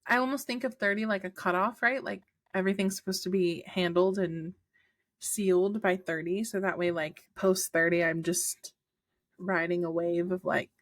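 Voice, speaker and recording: Quick-talking, laughing woman in her late twenties. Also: on the low side, fairly even intonation, no room sound. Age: late 20s. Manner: quick, anxious-joking, laughs often. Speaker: podcast co-host. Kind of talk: casual chat.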